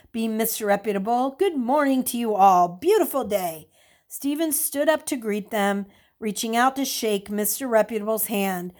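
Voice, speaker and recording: A woman narrating a storybook in a calm, even way, lightly voicing the characters' dialogue. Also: fairly high pitch, moderate pace. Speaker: audiobook narrator. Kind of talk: scripted narration.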